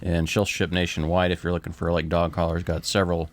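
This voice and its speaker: Very deep-voiced man, joking podcast host. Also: monotone, fast. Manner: profane, joking, teasing. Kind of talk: casual chat while tasting snacks.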